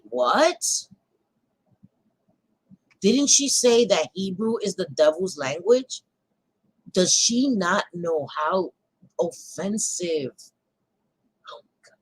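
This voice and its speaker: A woman hosting a casual talk show, speaking bluntly, reacting out loud and swearing freely. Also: lowish voice, breathy edge, dry recording, low-quality recording. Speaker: host.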